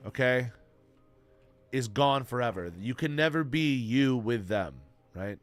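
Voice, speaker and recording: With an animated mid-range voice, a man talks unhurriedly to his stream chat. His advice is heartfelt, earnest and emotional, laced with free swearing and repetition. Faint music can be heard behind him.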